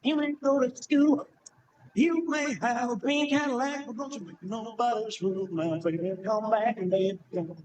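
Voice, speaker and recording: A swaggering rock-and-roll singer. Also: male voice, very high voice, steady tone, normal speed, darkish tone, reverberant, far from the mic. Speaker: singer in a film. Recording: muffled film clip with faint noise.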